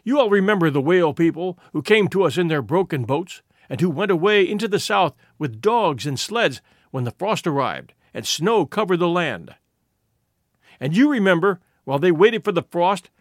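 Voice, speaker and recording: A man's voice: sits high, no room sound, studio quality. A man voicing a shrewd, persuasive village man addressing a council in a storybook reading. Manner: orating, persuasive.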